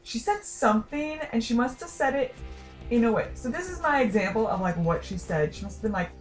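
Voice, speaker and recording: A woman's voice: on the high side, expressive. Young woman vlogger, rambling and self-mocking, light music underneath. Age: young adult. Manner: rambling, self-deprecating, quick asides. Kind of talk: casual talking-to-camera chat.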